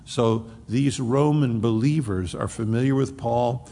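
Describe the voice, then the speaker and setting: A man's voice: medium pitch, a little slow, dark tone, big-room sound. A man preaching a sermon, retelling scripture in a folksy, storytelling way with casual asides.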